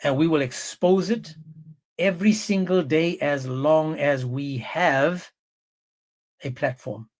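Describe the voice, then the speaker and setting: A man hosting a livestream, talking in a forceful, scornful, repetitive way. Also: fairly high pitch, slow pace. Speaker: livestream host. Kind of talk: heated livestream commentary.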